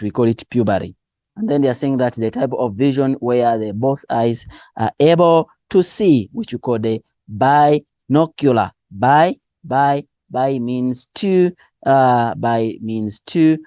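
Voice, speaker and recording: A man going through exam answers as a teacher, spelling out key terms slowly and asking and answering his own questions. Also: medium pitch, mellow, no echo, studio quality. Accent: Southern African English. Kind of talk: exam revision lesson.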